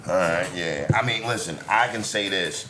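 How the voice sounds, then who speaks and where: A man's voice: sits low, moderate pace, background noise. A man in his forties co-hosting a casual podcast chat, telling stories with lots of swearing and acted-out quotes. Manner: animated storytelling, profane, acts out quotes. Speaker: podcast co-host.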